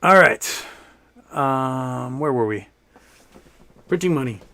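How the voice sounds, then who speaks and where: A man's voice: medium pitch, lively intonation, takes it slowly, pushed and bright. Rambling man hosting a live stream. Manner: rambling, reading chat aloud, laughs often. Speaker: livestream host. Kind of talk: casual live-stream chat.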